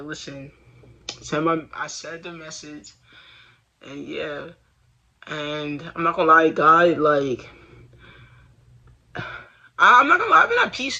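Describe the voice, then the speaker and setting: A man's voice: a little high, bright, forceful tone, slight background noise. A young man talking casually and confessionally to the camera, rambling with slangy phrasing, restarts and fillers. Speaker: vlogger. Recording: dull lo-fi sound.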